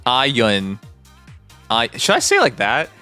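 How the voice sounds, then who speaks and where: A Canadian livestreamer chatting casually, animated and mock-indignant, swearing freely. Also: medium pitch, slow pace, soft background music. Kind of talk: casual live-stream chat.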